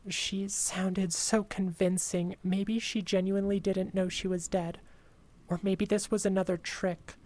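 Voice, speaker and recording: A woman's voice: mid-range voice, flat delivery, a little mellow. A woman streamer reading a creepy first-person horror story aloud, dramatic and at times whispering. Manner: slow, dramatic, dropping to whispers.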